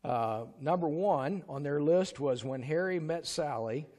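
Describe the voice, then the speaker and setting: Chatty male preacher, slightly high voice. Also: lively intonation, unhurried, darkish tone. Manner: conversational, chuckles and sings snatches to the congregation. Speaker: pastor. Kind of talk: sermon. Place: church sanctuary.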